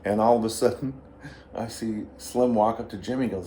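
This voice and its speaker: Man guest on a talk show, lowish voice, spins lively anecdotes, faint noise behind. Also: normal speed. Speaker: blues guitarist, interview guest. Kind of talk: casual storytelling.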